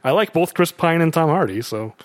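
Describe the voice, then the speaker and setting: A man with a somewhat raised pitch talks through movies in an animated, opinionated way, now and then mocking what he dislikes. His voice is recorded close and dry, with no room around it. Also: a little fast, dry recording. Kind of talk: casual movie discussion.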